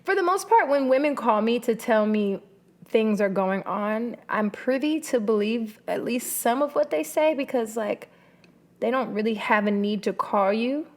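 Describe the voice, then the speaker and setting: A woman's voice: a little high, animated, normal speed. Brash woman podcast co-host. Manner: candid, profane, laughing banter. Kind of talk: casual chat. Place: hot room, recorded on camera.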